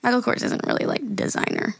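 A woman's voice: fast, no room sound. A young woman co-hosting a podcast in casual chat, talking freely with lots of fillers and laughs. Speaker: podcast co-host.

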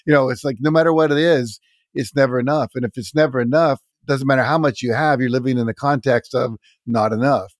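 A middle-aged man hosting a podcast, asking questions in a thoughtful, measured way. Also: mid-range voice, no room sound, clean studio sound. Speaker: podcast host. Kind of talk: interview conversation.

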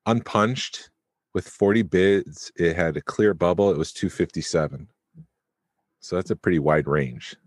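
A man's voice: low voice, a little slow, dry recording, clean studio sound. A man co-hosting a podcast, chatting casually and thinking aloud with fillers. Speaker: podcast co-host.

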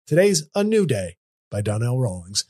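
A man's voice: medium pitch, big pitch swings, moderate pace, a little mellow, slightly rough. A man hosting a comedy podcast, talking casually in rambling, self-interrupting runs with joking asides. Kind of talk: casual chat.

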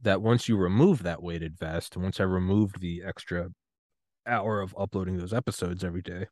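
A man hosting his own podcast, delivering a rambling, profane solo rant that gets animated when he is riled up. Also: low-pitched, moderate pace, dry recording, clean studio sound. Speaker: podcast host.

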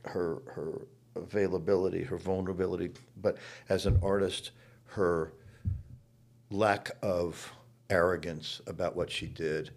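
A man with a low, husky voice telling stories. He is reflective and emphatic, moving between hushed asides and loud bursts. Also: little pitch movement, unhurried. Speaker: interview guest. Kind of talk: reflective storytelling. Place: his home.

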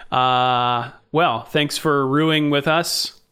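A man's voice: mid-range voice, pushed and bright, smooth. A man co-hosting a podcast in casual chat, jokingly reading out race listings and stumbling over names. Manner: jokey, reads out race listings and fumbles names. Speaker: podcast co-host.

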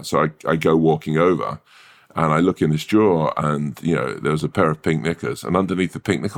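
Man, very low voice, casual podcast chat, swears and laughs. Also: brisk. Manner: animated storyteller, swears freely, laughs often. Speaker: podcast co-host.

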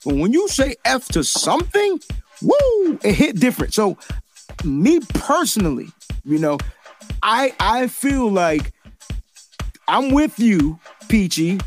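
Dude hosting a sports talk show, high voice bouncing all over, jokey and slangy, bit of music in the back. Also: male voice, unhurried. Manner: animated, joking, heavy slang. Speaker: podcast host. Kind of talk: casual sports chat.

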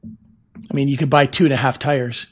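A man's voice: medium pitch, fairly even intonation. A man chiming in as co-host on a casual podcast with offhand remarks. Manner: offhand, quick interjections.

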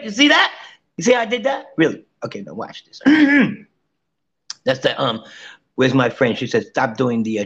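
A man with a fairly high-pitched voice chats loosely with his listeners and reads tarot cards. He teases people, then drops into soft asides. The sound is dull and lo-fi, like an online audio room. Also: vocal fry, slightly rough. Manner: playful, animated, teasing, with sudden soft asides. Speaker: host giving tarot readings. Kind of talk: casual live chat-room talk.

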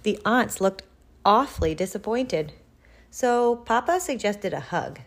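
Slow, expressive woman reading a storybook. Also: mid-range voice. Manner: expressive, deliberate. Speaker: reader. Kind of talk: picture book read-aloud.

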